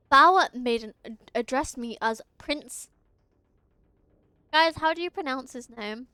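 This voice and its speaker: A woman's voice: fairly high pitch, unhurried, fairly bright tone, clean tone, no room sound. A young woman streaming a game, chatting casually with her viewers, giggling and tripping over her words. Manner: giggly, chatty, often talks to chat, trips over words.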